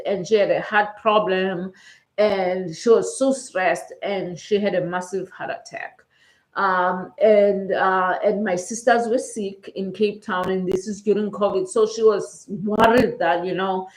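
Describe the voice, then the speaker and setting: A middle-aged South African woman talks straight to her viewers, chatty and emotional, close to tears, checking in with "okay?" as she goes. Her voice sits at an ordinary pitch for a woman. The room around her is roomy and echoey. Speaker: vlogger. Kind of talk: casual personal storytelling. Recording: roomy echo.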